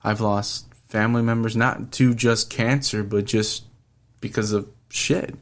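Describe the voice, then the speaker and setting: A man's voice: on the low side, little pitch movement, a little slow. A man hosting a podcast, talking earnestly and rambling in casual chat, swearing freely. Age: adult, past his twenties. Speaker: podcast host.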